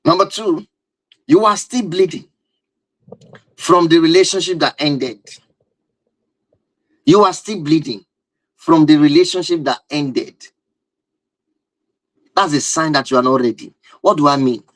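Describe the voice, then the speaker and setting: A man's voice: a little high, unhurried, long pauses, no room sound, low-quality recording. A man giving a live-stream talk on relationships and marriage, emphatic and driving his points home with repeated rhetorical questions.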